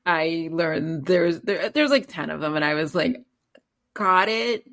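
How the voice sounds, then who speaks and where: A woman hosting a podcast in casual conversation, chatty, laughing often and tossing in quick asides. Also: low voice, a bit bright. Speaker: podcast host.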